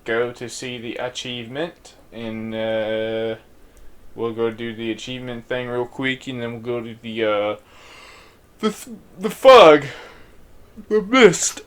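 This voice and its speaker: A man's voice: medium pitch, slow, clean tone. A young man casually commenting on a video game he is playing, rambling and reading game text aloud. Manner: loose, with frequent restarts and fillers. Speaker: let's play gamer.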